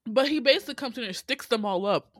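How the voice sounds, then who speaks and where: A woman chatting casually as she recaps a movie, her voice a little high and swinging widely in pitch. She talks in a profane, laugh-filled way. The sound is dry and close, with no room around it. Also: fast talker, dry recording. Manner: animated, profane, laughs often.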